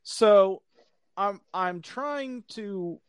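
A man's voice: high-pitched, extremely slow, clear, resonant tone, no echo, studio quality. A man telling a work story in casual chat, acting out the quotes with lots of swearing. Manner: animated, acts out quotes, profane. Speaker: storyteller, security guard.

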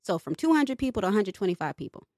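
A woman's voice: mid-range voice, big pitch swings, racing, a little mellow, no echo, studio quality. A young woman co-hosting a podcast, venting in casual chat and swearing freely. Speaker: podcast co-host.

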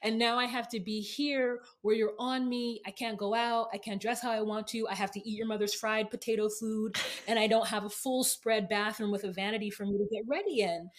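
Sex: woman. Figure: woman doing a self-justifying, aggrieved wife. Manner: defensive, listing complaints. Pitch: fairly high. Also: fairly even intonation, a little fast, few pauses, close to an everyday voice. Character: aggrieved wife mourning her freer old life.

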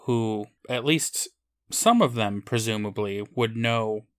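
A man's voice: lowish voice, slow pace, no echo. A man co-hosting a casual podcast, adding dry, wry comments. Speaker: podcast co-host.

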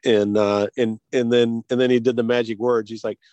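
Male guest, American, casual storyteller, mid-pitched, lots of restarts and light laughs, dry close sound. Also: flat delivery, a little mellow, no echo. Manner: halting, many restarts and chuckles. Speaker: guest, hearing device company co-founder.

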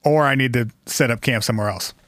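A man's voice: medium pitch, quick pace, a bit bright. A man hosting a podcast, telling a story in casual chat with an easygoing, wry manner. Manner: easygoing, wry, reads quotes aloud.

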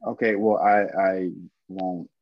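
A man co-hosting a podcast in casual chat, halting and comically rambling. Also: sits low, little pitch movement, no echo. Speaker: podcast co-host. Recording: dull dry sound.

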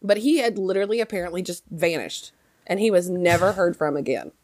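A young adult woman hosting a podcast, telling a story in casual chat with lively emphasis and many fillers. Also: fairly low pitch, fairly quick, no echo. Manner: chatty, animated, many fillers. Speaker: podcast host.

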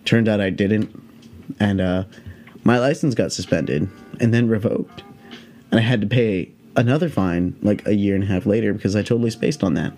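A man's voice: fairly low pitch, normal speed, dark tone, faint music behind. A young man hosting a podcast, telling a rambling story in a casual, profane, laid-back way. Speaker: podcast host.

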